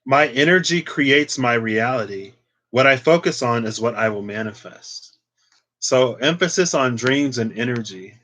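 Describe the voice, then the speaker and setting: A man's voice: mid-range voice, expressive, unhurried, fairly bright tone, poor audio. Chatty man giving a tarot reading. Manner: chatty, lots of "like" and playful asides. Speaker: tarot reader.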